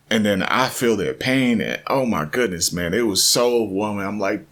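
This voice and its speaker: A man vlogging a personal story, earnest and animated, often restarting and repeating himself. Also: fairly low pitch, moderate pace, few pauses.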